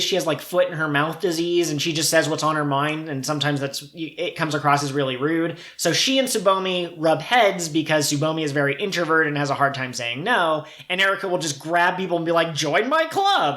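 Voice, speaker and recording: Joking man co-hosting, roomy echo. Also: fairly high pitch. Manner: joking, animated explainer. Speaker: podcast co-host. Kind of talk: casual chat.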